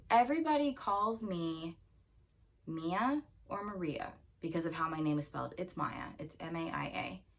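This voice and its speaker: Low-voiced chatty young woman. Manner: chatty, animated, breaks into laughter. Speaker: vlogger. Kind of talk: casual storytime chat.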